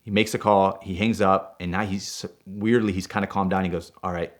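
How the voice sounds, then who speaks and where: A man in his forties spins a personal anecdote with a lowish voice. He grows fired up and loud as the tale unfolds, tossing in "right?" to keep the listener with him. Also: flat delivery, normal speed. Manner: gets fired up and loud while retelling; punctuates with "right?". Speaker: guest storyteller.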